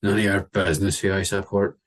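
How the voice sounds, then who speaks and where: A man playing a gruff, secretive hitchhiker who answers in curt, unfriendly snaps. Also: deep voice, little pitch movement, fairly quick.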